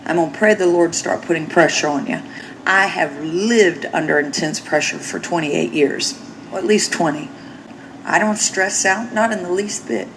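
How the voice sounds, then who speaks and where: A woman pastor telling a story in a sermon, animated and laughing often as she acts out quotes. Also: mid-range voice, echoey room, background noise.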